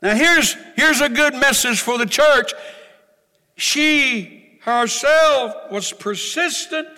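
A man preaching a sermon in a dramatic way, dropping to quiet asides and rising to shouted exhortations, recorded with a long hall reverb in a church. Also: extremely high pitch, slow pace.

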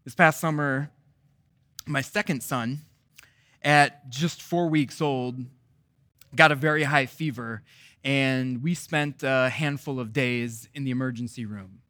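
A man preaching a sermon as pastor, asking repeated rhetorical questions and swinging between loud, emphatic stretches and soft, quiet ones. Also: medium pitch, slow, no echo.

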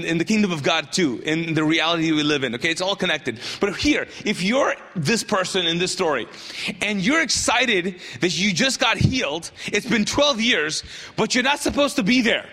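A man preaching a sermon in an animated way, acting out the people in his story with jokey asides. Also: sits high, moderate pace. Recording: long hall reverb.

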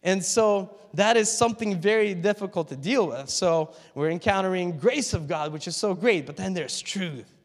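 In a church hall with long reverb, a pastor delivers his sermon conversationally, laughing lightly and making asides to the congregation. His voice is somewhat higher than the typical man's. He's expressive and speaks at a moderate pace with few pauses.

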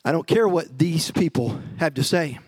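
A male pastor preaching a sermon with emphatic, energetic delivery and playful asides to the congregation. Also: fairly high pitch, normal speed, slightly rough, no echo.

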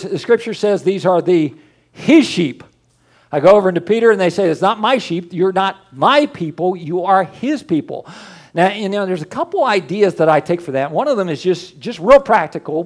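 Older man, pastor, sermon, folksy chatty delivery, somewhat high voice, animated. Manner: conversational, folksy, with asides and chuckles; lively, often rising in pitch and loudness.

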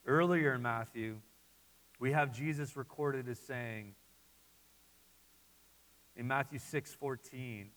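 A man preaching a sermon as pastor, animated and repeating his phrases as he voices listeners' doubts. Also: mid-range voice, unhurried, long pauses, big-room sound, rough recording.

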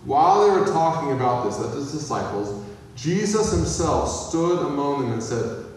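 A man's voice: on the high side, very animated, moderate pace, darkish tone, a little hiss or hum. A man preaching a sermon as a pastor, talking casually and asking the listeners questions. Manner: conversational, asks the audience questions. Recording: echoey hall from far off.

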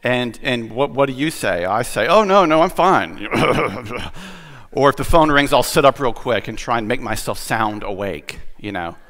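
A man's voice: medium pitch, moderate pace, few pauses, a bit bright. A man preaching as a pastor in a casual, conversational sermon, chatty and self-deprecating, with lots of fillers and restarts. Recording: long hall reverb.

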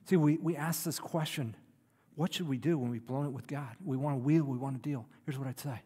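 A man preaching a sermon, swinging from loud emphatic lines to soft, near-whispered ones. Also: medium pitch, a little fast, slightly rough. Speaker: pastor. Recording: long hall reverb.

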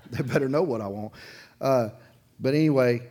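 A man preaching a sermon as pastor in his church, telling a story in a loose, conversational way, chuckling between sentences and swinging from loud bursts to quiet asides. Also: mid-range voice, moderate pace. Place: church sanctuary, in front of a congregation.

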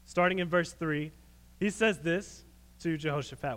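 A man preaching a sermon, retelling a story in an animated, folksy way. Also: fairly high pitch, moderate pace, big-room sound.

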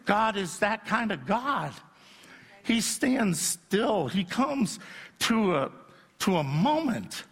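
Middle-aged male pastor, self-deprecating sermon delivery that builds to shouting, slightly high voice, reverberant hall. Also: big pitch swings, slow, vocal fry, slightly rough. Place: church sanctuary. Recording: long reverb in a church hall.

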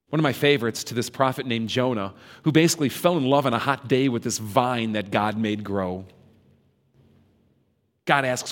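A man giving a reflective devotional talk, reading scripture questions slowly and dramatically. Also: medium pitch, big-room sound. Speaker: preacher.

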